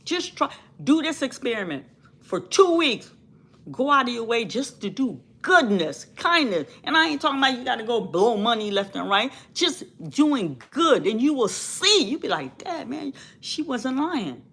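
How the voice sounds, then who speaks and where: Fiery, bright-voiced woman channel host. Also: fairly high pitch, big pitch swings, moderate pace, husky. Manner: fiery, preachy, repeats phrases for emphasis. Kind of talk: impassioned commentary to viewers.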